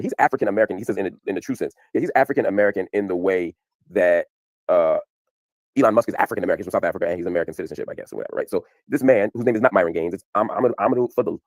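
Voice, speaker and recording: A man with a low voice explains his side of a televised exchange at a rapid clip. He stresses his points hard and stays animated throughout. The recording is dry and close. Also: no echo. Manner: emphatic, animated. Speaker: commentator explaining a TV appearance. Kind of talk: fast explanatory commentary.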